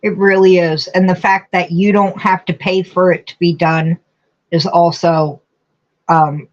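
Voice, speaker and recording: A middle-aged woman chats slowly and fondly with her livestream viewers, calling them honey and getting emotional. Her voice sits a little low, and the stream audio is dull and lo-fi. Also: level tone. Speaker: livestream host. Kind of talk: casual chat reading viewer comments.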